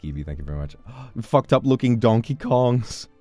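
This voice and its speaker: A man streaming and chatting casually with his viewers as he reads out donations. He is playful, animated and swears freely, speaking close to the microphone. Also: medium pitch, normal speed, dry recording, soft background music.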